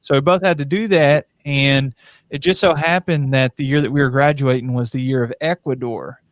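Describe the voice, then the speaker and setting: A man's voice: mid-range voice, steady tone, moderate pace, no room sound. A man guest telling a story in a casual, chatty way, with easy fillers and laughs. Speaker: podcast guest.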